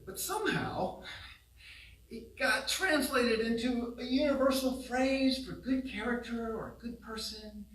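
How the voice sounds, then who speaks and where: A man telling humorous family stories in a eulogy at a funeral home, animated and laughing along, recorded from a distance. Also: very high-pitched, unhurried. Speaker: son giving a eulogy. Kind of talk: humorous memorial storytelling. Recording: roomy, distant hall sound.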